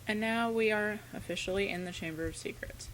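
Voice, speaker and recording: Young woman, let's play host, chatty, filler-heavy, mid pitch. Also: fairly quick, a bit bright, slight background noise, rough recording. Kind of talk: casual gameplay commentary.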